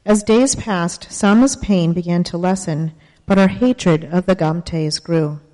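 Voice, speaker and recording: Mellow woman reading a children's story. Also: lowish voice, takes it slowly. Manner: gentle, stops to explain words for children. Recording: long hall reverb.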